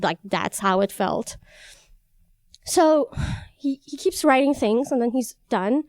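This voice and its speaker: A young woman from Iran, telling a personal story on stage in an animated, wry way. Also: fairly high pitch, slow pace, no room sound, clean studio sound. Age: young adult. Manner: animated, wry, laughs between lines.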